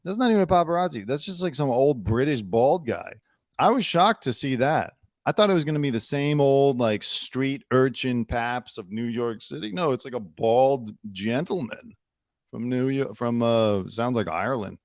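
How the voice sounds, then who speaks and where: A man's voice: mid-range voice, animated, moderate pace, dry recording, studio quality. A man hosting a show with casual news commentary, chatty and sarcastic, full of "like" fillers.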